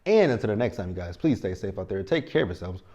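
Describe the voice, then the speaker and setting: A man's voice: lowish voice, sing-song, fast talker, warm tone. A man in his thirties giving a blunt, sassy, casual recap of a reality TV episode, with lots of slang. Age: 30s.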